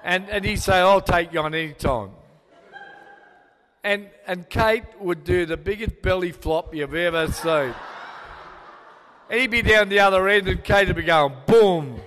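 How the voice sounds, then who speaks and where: An older Australian man gives a father-of-the-bride speech, his voice sitting a little high for a man. He rambles with fond fillers and restarts. The sound carries a long hall reverb. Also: moderate pace, pushed and bright, a little hiss or hum. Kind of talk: wedding speech.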